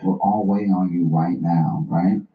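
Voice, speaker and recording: A man hosting a casual talk, telling a funny story in a dry, deadpan way. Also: deep voice, normal speed. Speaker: host. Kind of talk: comic storytelling. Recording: roomy, slightly dull recording.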